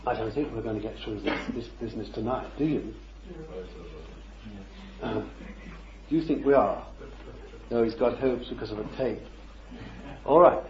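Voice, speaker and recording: A man's voice: mid-range voice, moderate pace, pauses often, noisy background. A man preaching a sermon, talking conversationally and peppering it with rhetorical questions and chuckles. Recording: roomy, dull lo-fi recording.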